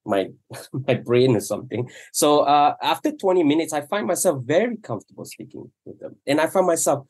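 A man from Malaysia, a native Malay speaker, talking in a halting way as a guest and often repeating words. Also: a little high, expressive, a little mellow, slightly rough. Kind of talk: casual talk.

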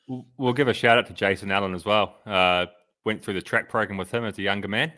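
A man with a New Zealand accent, a former track cyclist, speaking on a podcast in a quick, matter-of-fact way. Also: on the low side, fairly even intonation, pushed and bright. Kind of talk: casual chat.

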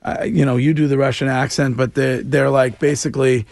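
Casting: male radio talk host, gravelly voice, rambling casual banter, dry studio sound. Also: medium pitch, flat delivery, a little fast, a little mellow, no echo. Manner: rambling, restarts, laughs often.

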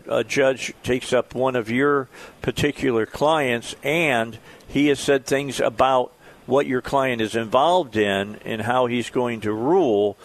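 A male radio talk show host with an even, mid-pitched voice. He speaks in a conversational way and draws his guest out with prompting questions. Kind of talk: radio interview.

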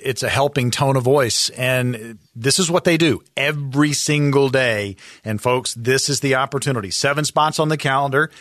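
A man's voice: mid-range voice, fairly bright tone, no echo, clean studio sound. A man co-hosting a radio show, reading upbeat promos and urging listeners to book spots. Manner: upbeat salesy, repeats calls to action. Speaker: radio co-host and announcer. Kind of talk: radio announcer reads and promos.

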